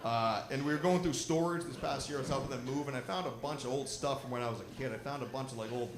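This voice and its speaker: A young man doing a stand-up comedy set, telling a profane, animated story at a live show in a lodge. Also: mid-range voice, fast talker. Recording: roomy live recording with crowd noise.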